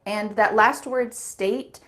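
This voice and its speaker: A woman's voice: medium pitch, fairly even intonation, slow pace, fairly bright tone. An American woman guest giving plain, matter-of-fact explanations of everyday words. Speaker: guest answering questions.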